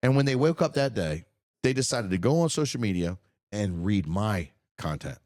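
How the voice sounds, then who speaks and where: A man's voice: lowish voice, animated, moderate pace, darkish tone, dry recording, studio quality. A man hosting a casual podcast, talking in an emphatic, profane, ranting way. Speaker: podcast host.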